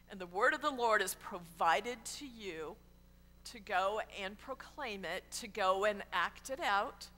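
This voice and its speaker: A woman pastor preaching a sermon in a church, telling the story with wry humor and sudden quiet drops. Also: medium pitch, long reverb tail. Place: church sanctuary.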